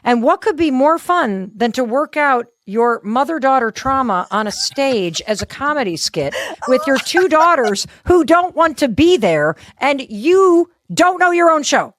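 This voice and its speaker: A woman in her fifties, telling stories in a casual chat in an animated, self-deprecating way and acting out what people said. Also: high voice, measured pace, few pauses. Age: 50s. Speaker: guest.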